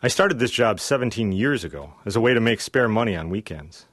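A man's voice: on the low side, animated, brisk, a bit bright, no room sound, clean studio sound. A man in his forties reading his own wry, reflective first-person essay for public radio. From Wisconsin.

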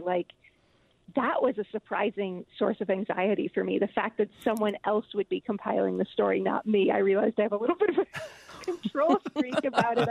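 A woman author talking about her book in a radio interview, thoughtful and halting, with many fillers. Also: mid-range voice, vocal fry, no echo. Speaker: author guest. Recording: tinny phone line.

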